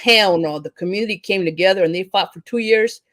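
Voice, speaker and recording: A woman's voice: medium pitch, fairly quick, fairly bright tone. Fiery, profane woman ranting in discussion. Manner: frequent restarts and stumbles. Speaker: teacher and panel guest. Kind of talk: impassioned discussion.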